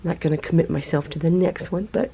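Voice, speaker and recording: A woman hosting a casual crafting tutorial, chatty and excitable as she shows off her results. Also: sits low, quick pace, creaky, husky. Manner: chatty, excitable, talks to herself while showing results. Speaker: craft video host.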